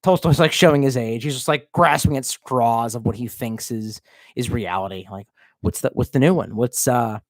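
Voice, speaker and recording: A man's voice: mid-range voice, normal speed, no room sound. A man hosting a casual livestream, reading viewer comments aloud and answering in a crude, sarcastic rant. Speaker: livestream host reading chat.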